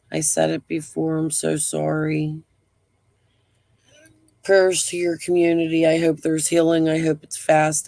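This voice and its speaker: A woman's voice: deep voice, creaky, darkish tone, dry recording. Woman, middle-aged, live stream host, blunt and profane, rambling chat, heavy breathing, dry close sound. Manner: blunt, swears freely, rambling. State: breathing heavily.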